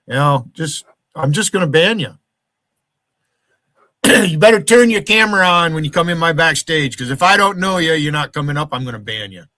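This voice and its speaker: A man's voice: on the high side, pushed and bright, dry recording. A man hosting a livestream, ranting angrily and profanely and calling out viewers by name. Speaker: livestream host. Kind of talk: angry livestream rant.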